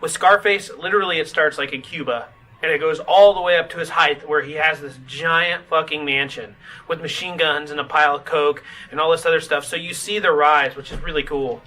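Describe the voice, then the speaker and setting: Very bright, higher-voiced man. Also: fairly even intonation, brisk, rough recording. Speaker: podcast co-host. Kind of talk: casual chat.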